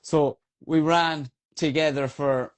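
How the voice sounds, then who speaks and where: An Irish trail runner on a podcast tells a race story in a lively, casual style, full of fillers and swearing. His voice is on the high side and he speaks slowly.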